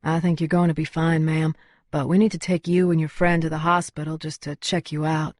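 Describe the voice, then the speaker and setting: A woman voicing a calm, matter-of-fact male paramedic, slightly lowered. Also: brisk, dry recording, clean studio sound, lightly acted.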